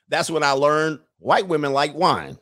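A man with a slightly high, fairly bright voice chats casually on his livestream. He reads out viewer comments, drifts off his train of thought, and rambles with a chuckle.

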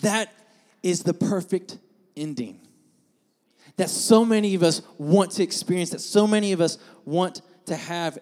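Fairly high-voiced preacher building emphasis. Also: male voice, measured pace. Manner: earnest, repeats words as he builds emphasis; swings from hushed scripture reading to loud, rising emphasis. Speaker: pastor. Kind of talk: sermon.

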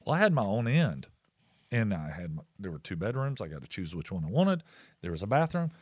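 A man's voice: fairly low pitch, big pitch swings, fairly quick, a little mellow, husky, no room sound, clean studio sound. A man co-hosting a podcast, telling a long story in casual chat, swearing often and laughing mid-sentence. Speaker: podcast co-host.

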